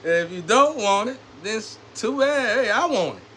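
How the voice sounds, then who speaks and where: A man's voice: high voice, lively intonation, normal speed, pushed and bright, a little hiss or hum. A man talking straight to camera in a loose, rambling monologue full of street slang, swinging from preachy scolding to personal storytelling.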